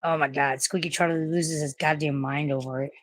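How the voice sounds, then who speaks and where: A woman livestreams from her bedroom at home, chatting and wandering off topic, cursing freely and talking sweetly to her pets. She speaks fairly quickly in a low pitch with fairly even intonation.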